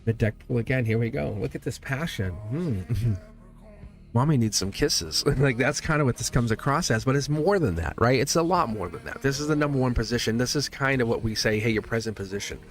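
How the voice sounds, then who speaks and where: A man hosting a live tarot stream, chatting casually and laughing often as he talks straight to his viewers, with soft music behind him. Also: mid-range voice, normal speed. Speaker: tarot reader and channel host. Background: quiet background music.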